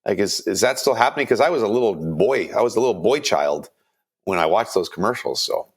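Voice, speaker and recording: A man co-hosting a casual podcast, joking around with animated banter. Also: on the low side, fairly quick, breathy edge. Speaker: podcast co-host.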